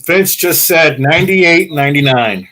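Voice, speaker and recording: A man's voice: on the high side, expressive, normal speed, bright, forceful tone, low-quality recording. A man relaying viewer comments on a livestream, matter-of-fact and dry.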